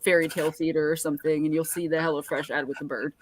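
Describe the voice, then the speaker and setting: A woman's voice: deep voice, little pitch movement, fast talker, noisy background. A woman co-hosting a casual chat show, talking in a rambling way with lots of fillers. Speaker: co-host.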